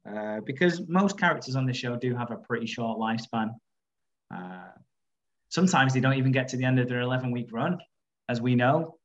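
A man's voice: medium pitch, fairly quick, lo-fi sound. A man hosting a rewatch podcast, chatting casually with frequent fillers and laughs. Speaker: podcast host.

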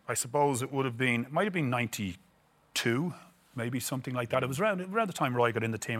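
A man's voice: medium pitch, a bit bright. A middle-aged Irish man, a former footballer, telling stories in an interview, rambling and repeating words as he acts out quotes. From Ireland. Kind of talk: casual storytelling interview.

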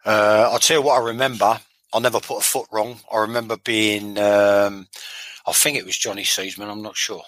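A man's voice: fairly low pitch, level tone, normal speed, a bit bright, dry recording, rough recording. A man, a former footballer telling blunt, sweary stories in a casual interview, often repeating himself.

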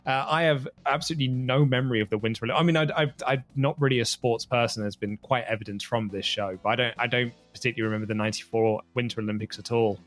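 A man's voice: medium pitch, fairly even intonation, very fast, hardly any pauses, fairly bright tone, faint music behind. A man co-hosting a casual retro gaming podcast, easygoing and self-deprecating, laughing often. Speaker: podcast co-host. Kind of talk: casual chat.

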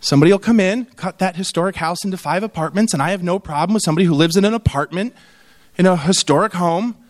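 A middle-aged man with a high-sitting voice talks fast through a humorous conference keynote. He tells animated stories and acts out the voices of the people in them.

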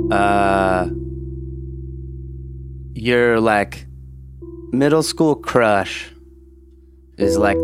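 Slow, low-voiced man who rambles through an improvised comic bit, full of fillers, with loud guitar behind. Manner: rambling, halting, full of fillers and throat clearing. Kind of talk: improvised comedic storytelling. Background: guitar music.

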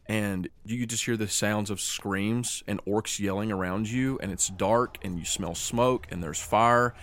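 A man's voice: lowish voice, fairly even intonation, fairly bright tone. A man running a tabletop game as game master, narrating scenes vividly and calling rolls. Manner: vivid, descriptive narration with quick rules calls.

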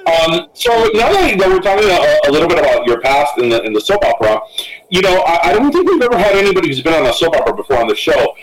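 A man co-hosting a podcast in casual chat, halting and correcting himself mid-sentence. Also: a little high, wildly swooping pitch, recorded from a distance, a loud crowd, poor audio. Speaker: podcast co-host.

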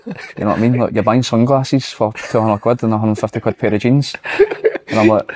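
Fast-talking Scottish footballer guest. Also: male voice, fairly low pitch, fairly even intonation, darkish tone. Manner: candid, reflective anecdotes, quotes his father. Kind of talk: casual podcast chat.

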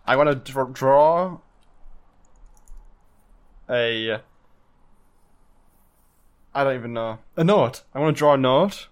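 A man's voice: medium pitch, lively intonation, takes it slowly, long pauses, clear, resonant tone. Hesitant man playing a tabletop game. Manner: unsure, hesitant, laughing often. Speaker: player. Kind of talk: casual tabletop play.

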